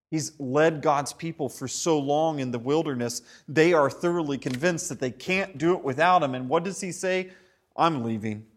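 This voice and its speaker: A man preaching a sermon in an animated, conversational way, with fillers and asides. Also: a little high. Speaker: pastor.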